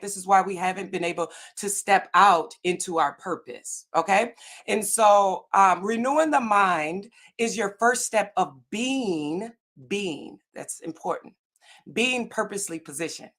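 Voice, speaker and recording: A woman's voice: mid-range voice, a little slow, fairly bright tone. A woman giving an earnest, faith-based motivational talk on a video call, often checking in with "right?" and "okay?". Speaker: summit speaker.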